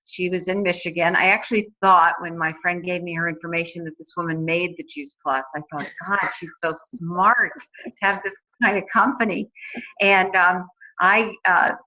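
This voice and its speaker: A woman's voice: lowish voice, sharp tone. A woman in her forties, telling her own story in a chatty way, with many fillers and restarts. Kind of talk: casual personal testimonial. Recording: dull lo-fi recording.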